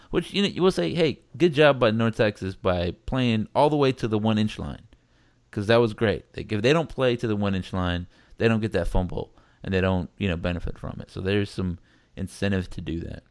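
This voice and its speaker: This is a man with a somewhat low voice chatting about football on a podcast. He rambles in a relaxed, animated way and acts out what players and crowds might say. The recording is close and dry, with no room sound. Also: no room sound. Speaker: podcast host. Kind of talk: casual sports talk.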